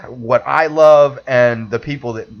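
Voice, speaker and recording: A man on a podcast spins a rambling, animated story in casual chat, slipping into quoted voices and cursing along the way. His voice sits at an ordinary pitch. The audio is muffled and lo-fi. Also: a little slow. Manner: rambling, animated anecdote with acted-out quotes and swearing. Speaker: podcast co-host. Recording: dull lo-fi audio.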